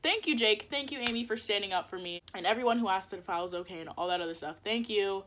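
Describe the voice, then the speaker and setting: A young woman vlogger tells a story straight to camera, chatty and emphatic. She leans on fillers, saying "like" all the time, in a voice of middling pitch. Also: fast talker, background noise. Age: young adult. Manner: chatty, emphatic, heavy use of "like". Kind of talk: casual storytime vlog.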